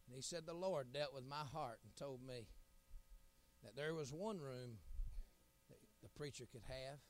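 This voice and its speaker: A middle-aged man, an evangelist preaching a sermon, telling folksy stories and building to loud, shouted appeals. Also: a little high, no echo.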